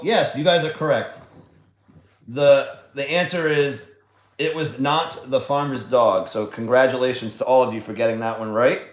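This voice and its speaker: A man hosting a casual trivia livestream from home, chatty, fond and coaxing as he talks. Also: medium pitch. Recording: echoey room.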